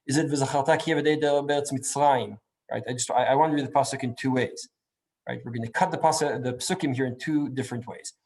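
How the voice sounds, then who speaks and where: A man teaching a Torah class in a slightly high voice. He works through ideas out loud, restarting sentences and checking in with "right?" as he goes. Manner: thinks aloud with restarts, often asks "right?".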